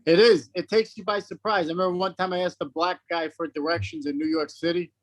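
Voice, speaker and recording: A man's voice: sits high, fairly even intonation, fast talker, no echo. A man guesting on a podcast, swearing freely and poking fun at himself with frequent laughs. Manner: profane, self-mocking, laughs often. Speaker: guest comedian. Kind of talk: casual chat.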